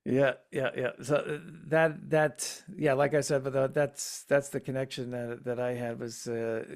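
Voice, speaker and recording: A man hosting a podcast in casual chat, talking haltingly with many repeated words and fillers. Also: mid-range voice, level tone. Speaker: podcast host.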